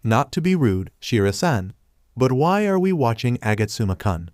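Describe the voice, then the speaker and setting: A man voicing a calm, polite young woman demon slayer in a measured way. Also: mid-range voice, no echo, clean studio sound, lightly acted.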